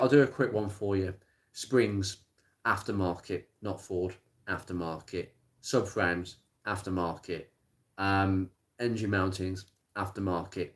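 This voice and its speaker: A man chatting casually on a live stream about car parts, plain-spoken and rambling, with many pauses and restarts. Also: on the low side. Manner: rattles off blunt practical advice. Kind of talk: casual live-stream chat answering viewer comments. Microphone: smartphone.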